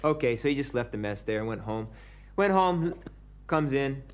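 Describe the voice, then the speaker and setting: A man's voice: medium pitch, normal speed. A man, a spiritual teacher, telling a story in a sermon, often checking in with "okay?". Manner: animated storyteller, frequent "okay?" check-ins.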